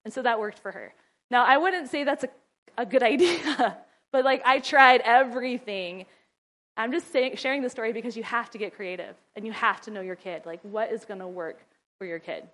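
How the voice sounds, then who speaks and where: A woman's voice: a little high, normal speed, a bit bright. A woman teaching mothers in a casual talk, chatty and laughing often as she acts out little scenes.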